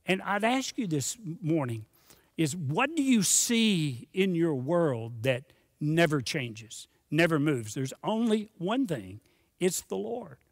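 Earnest preaching man, slightly high voice. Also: sing-song, takes it slowly, no echo, studio quality. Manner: earnest, conversational preaching with emphatic repeats. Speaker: pastor. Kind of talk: sermon.

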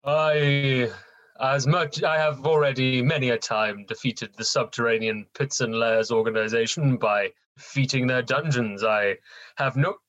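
A man voicing a proud, boastful adventurer who speaks in a slow, pompous, formal way. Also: mid-range voice, steady tone, fairly bright tone, highs cut off, lightly acted. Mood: haughty.

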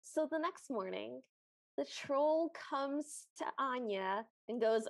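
A woman co-hosting a podcast, recapping a film in an unhurried storytelling way. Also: sits high, expressive, gravelly, no echo. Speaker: podcast co-host. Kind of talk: casual recap chat.

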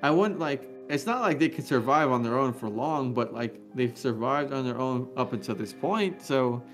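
A man's voice: medium pitch, animated, moderate pace, a bit bright, faint music behind. A man co-hosting a podcast in casual chat, rambling and playful, laughing often. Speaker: podcast co-host.

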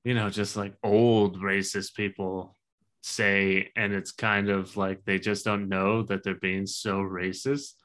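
A man's voice: low-pitched, level tone, slow pace, a bit bright. A man in his thirties co-hosting a casual podcast chat, talking in a loose, profane way and laughing as he tells stories. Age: 30s. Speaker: podcast co-host.

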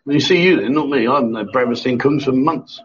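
A man's voice: mid-range voice, fast, breathy edge. A man hosting a casual live chat show, reading out viewer comments and joking with his co-host. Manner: jokey, banters with co-host, frequent restarts. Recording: dull lo-fi stream audio.

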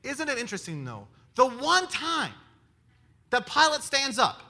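A man preaching a sermon in an animated way, firing rhetorical questions at his listeners. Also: extremely high pitch, normal speed. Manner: animated, asks the audience many rhetorical questions.

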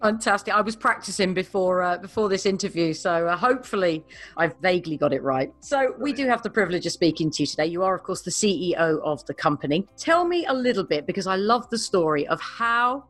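A woman's voice: on the low side, lively intonation, fairly quick, fairly bright tone, soft background music. A woman hosting a business podcast, reading a scripted welcome before chatting with her guest. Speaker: podcast host. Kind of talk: podcast interview.

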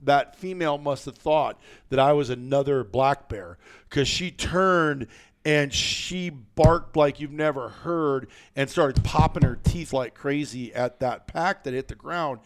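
Man, guest storyteller, a bit high-pitched, smooth clear voice, animated and salty. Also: measured pace. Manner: animated, colorful storyteller with mild cursing. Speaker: guest hunter. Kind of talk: casual storytelling on a podcast.

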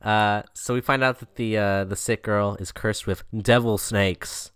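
A man's voice: lowish voice, steady tone, a little slow, fairly bright tone, clean tone, no echo. A man co-hosting a casual podcast, summarizing a movie's plot with dry, wry asides. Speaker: podcast co-host. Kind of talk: casual movie recap chat.

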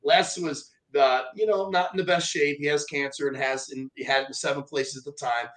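A man's voice: fairly high pitch, brisk, rough recording. A man, a motivational speaker telling a story in casual chat and acting out the voices of the people in it. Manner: animated, acts out quoted voices.

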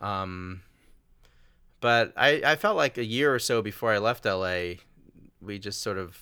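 A man's voice: fairly low pitch, measured pace, sharp tone, clean tone, no echo, clean studio sound. A middle-aged man hosting a casual conversation, laughing often and telling a self-deprecating joke. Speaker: podcast host.

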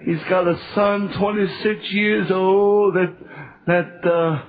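A man preaching a testimony sermon with a Southern US accent, halting and repeating words, building to fervent shouts. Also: high-pitched, fairly even intonation. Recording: tinny phone-like lo-fi recording.

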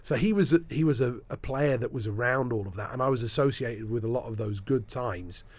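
Man telling lively sports anecdotes. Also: mid-range voice, fairly quick. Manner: lively storyteller, acts out the people he quotes. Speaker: sports broadcaster. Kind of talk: anecdotal storytelling in a podcast interview.

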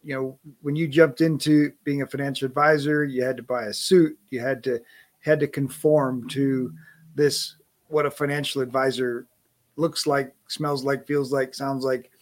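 A man's voice: mid-range voice, little pitch movement, moderate pace. Thoughtful male podcast host. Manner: thoughtful, stacks up repeated phrases. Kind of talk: interview question.

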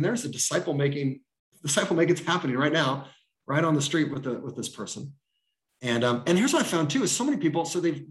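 Earnest, animated man with roomy echo. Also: medium pitch. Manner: earnest, animated, acts out dialogue. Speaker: pastor. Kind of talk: interview answers, storytelling.

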